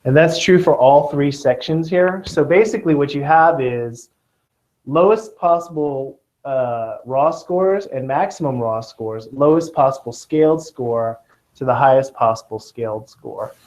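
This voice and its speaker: A man's voice: mid-range voice, a little slow, darkish tone. A man teaching a test-prep class, joking and checking in with his students, with a Southern Californian accent. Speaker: tutor. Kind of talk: classroom lecture. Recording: dull lo-fi classroom recording.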